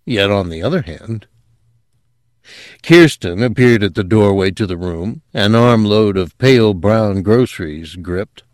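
A man narrating an audiobook in an expressive, dramatic reading style. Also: fairly low pitch, a little slow, no room sound, clean studio sound.

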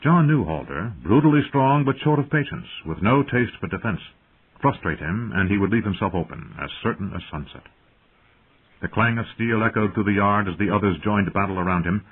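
A man narrating an audiobook in a measured storytelling manner. His voice is low and husky. The sound is squeezed into a thin, phone-like band. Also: lively intonation. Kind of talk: scripted narration.

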